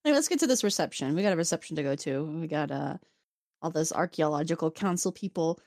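A woman's voice: low-pitched, fast, no echo, clean studio sound. A woman co-hosting a podcast, chatting casually as she recaps an episode and acts out the characters' lines. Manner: animated, acts out characters in quoted voices. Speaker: podcast co-host.

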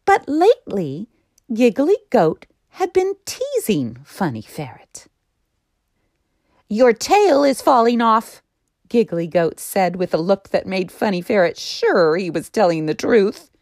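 A woman host narrating a children's story in an expressive storytelling manner. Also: medium pitch, unhurried, no room sound, clean studio sound.

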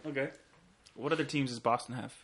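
A man's voice: medium pitch, fairly even intonation, a little fast, crowd noise. A man hosting a podcast in casual chat, curious and joking, asking many questions. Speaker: podcast host.

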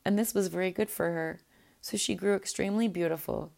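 Woman reading a bedtime story, calm and gentle, lowish gravelly voice. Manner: gentle, unhurried reading with small restarts. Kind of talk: storybook read-aloud.

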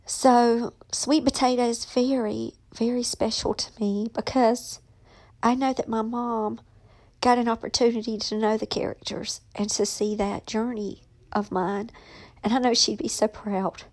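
A woman's voice: a little high, little pitch movement, unhurried, darkish tone. A middle-aged woman author, talking casually and emotionally, sometimes tearful and dropping to a whisper. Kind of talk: casual personal vlog.

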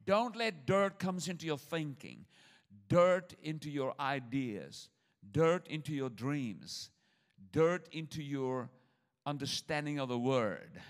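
Older guy pastor, sermon, voice swings way up and down, joking, repeats himself. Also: fairly high pitch. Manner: lively, humorous preaching with repetition and stammered restarts.

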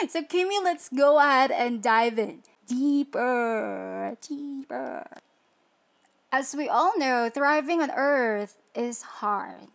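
A woman's voice: high voice, expressive, takes it slowly. Chatty woman hosting a faith talk. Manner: chatty, rhetorical questions to listeners. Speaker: show host. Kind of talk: faith-based motivational talk.

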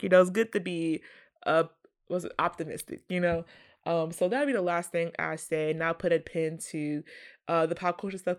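A woman in her twenties hosting a solo podcast, talking to her listeners in a chatty, earnest way. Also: sits low. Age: 20s. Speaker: podcast host. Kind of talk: casual solo podcast talk.

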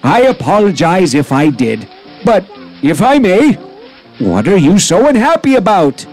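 A man voicing a good-natured, eager old man in an animated storybook, with faint music playing behind him. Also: sits high, measured pace, exaggerated voice, poor audio. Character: cheerful, naive old man trading animals.

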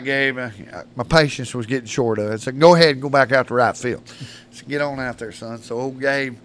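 A man, a podcast guest telling rambling, folksy stories and laughing through them. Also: medium pitch. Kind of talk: casual storytelling.

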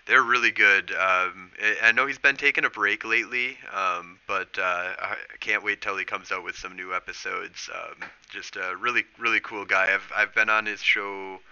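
Bright, crisp-voiced man hosting a podcast. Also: lowish voice, steady tone, normal speed, few pauses, highs cut off. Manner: rambling, many ums and uhs. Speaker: podcast host. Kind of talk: casual podcast chat.

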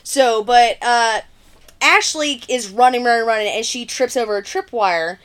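A woman's voice on the higher side, at a moderate pace, belongs to a podcast co-host giving a casual movie recap and voicing the characters' lines.

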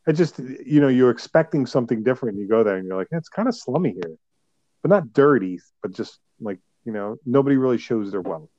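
A man's voice: medium pitch, expressive, fast talker, few pauses, mellow, dry recording, dull audio. A man on a casual podcast, rambling through a travel story and laughing as he goes. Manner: rambling, laughing, mimics voices in anecdotes. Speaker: podcast co-host.

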